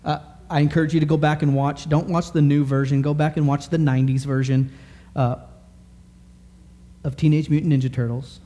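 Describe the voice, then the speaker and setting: A man in his thirties preaching a sermon in an animated, conversational way, full of rhetorical questions. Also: fairly high pitch, a little fast. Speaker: pastor.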